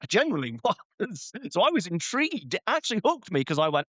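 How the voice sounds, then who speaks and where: A man's voice: high-pitched, sing-song, brisk, fairly bright tone, no echo. A man hosting a casual wrestling chat, ranting and joking as he acts out short quoted voices. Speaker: podcast host.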